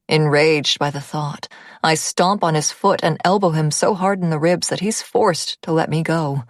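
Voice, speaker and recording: A woman narrating a romance thriller audiobook in the first person, with a low-key, steady delivery. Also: normal speed, dry recording, clean studio sound.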